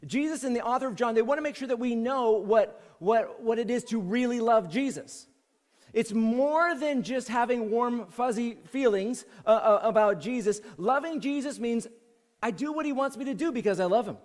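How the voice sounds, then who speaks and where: A man's voice: extremely high pitch, normal speed, a little mellow. A man preaching a sermon as senior pastor, in a conversational way that repeats key phrases for emphasis. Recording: long hall reverb.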